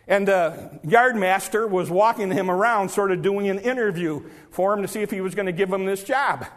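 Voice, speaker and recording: A man's voice: high voice, moderate pace, long reverb tail. A man preaching a sermon in church, telling folksy stories and repeating words when he presses a point.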